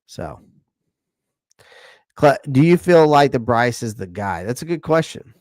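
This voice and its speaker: A man's voice: mid-range voice, sing-song, unhurried, a little mellow, no echo, studio quality. A man from South Carolina, hosting a casual live stream, reading out viewer comments and answering them in a chatty way that repeats his points. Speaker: channel host answering live chat.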